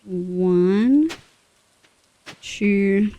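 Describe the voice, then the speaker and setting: A young woman from Australia streaming a farming game, chatting casually, gasping with excitement and counting items aloud. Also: mid-range voice, slow pace, muffled recording, a little hiss or hum. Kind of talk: casual gameplay chat.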